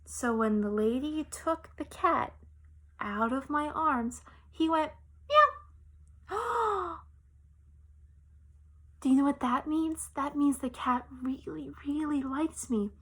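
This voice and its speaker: A woman teacher telling a personal story to young children, expressive and explaining things simply. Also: sits high, unhurried.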